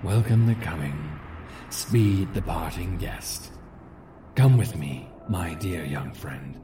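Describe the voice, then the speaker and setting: A man voicing a courteous, sinister old male vampire count, speaking softly and slowly with honeyed menace in a dramatized audiobook reading. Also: sits low, expressive, echoey room, distant mic, noisy background, pitched below the performer's own voice. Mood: courtly. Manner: soft, slow, honeyed and menacing.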